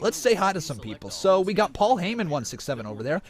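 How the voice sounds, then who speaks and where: Excitable man yelling wrestling commentary. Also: fairly high pitch, moderate pace, faint music behind. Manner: yells and cheers during big moves, chats calmly between them. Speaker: live-stream wrestling reactor. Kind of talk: excited live play-by-play commentary and chat. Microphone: cheap microphone.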